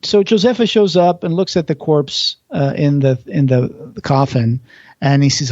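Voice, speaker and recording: A man on a podcast, casually retelling a play's plot, acting out the quoted lines and pausing with fillers. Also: fairly high pitch, animated, darkish tone, no echo, dull audio. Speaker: podcast co-host.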